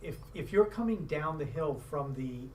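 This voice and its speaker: A man's voice: a little high, expressive, moderate pace, a little mellow. A man at a town board meeting, cautiously explaining practical concerns. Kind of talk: municipal board meeting discussion. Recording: distant mic, faint room hum.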